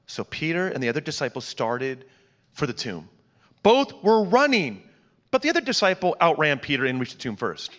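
A man's voice: fairly high pitch, sing-song, normal speed, a bit bright, in a large hall. A man reads scripture aloud in church in an earnest, dramatic way and adds small asides. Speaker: scripture reader.

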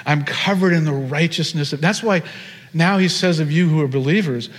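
Male pastor mid-sermon, animated delivery, drawn-out emphasis, ringing church reverb. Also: fairly high pitch. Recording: long hall reverb.

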